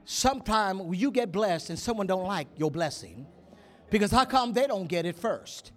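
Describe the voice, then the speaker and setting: A man preaching, telling a story in an animated way, acting out quotes with gasps and whispers. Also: high-pitched, normal speed. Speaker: pastor. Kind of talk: sermon storytelling.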